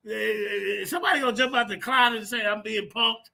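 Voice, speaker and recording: A man hosting a livestream, talking in a loud, profane, mocking way and repeating himself. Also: sits high, fast, vocal fry, few pauses. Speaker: livestream host. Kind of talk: mocking casual commentary.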